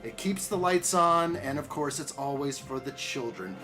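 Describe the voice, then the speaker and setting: A man's voice: mid-range voice, expressive, normal speed, pushed and bright, soft background music. A man hosting a casual live stream, greeting viewers by name in an upbeat way while unboxing and building.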